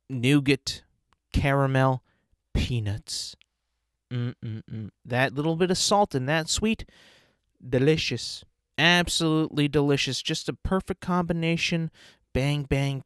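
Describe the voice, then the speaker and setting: Podcast host rambling about food. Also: male voice, medium pitch, fairly bright tone, no room sound, studio quality. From United States. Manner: rambling, playful, savoring food talk. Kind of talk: casual solo podcast monologue.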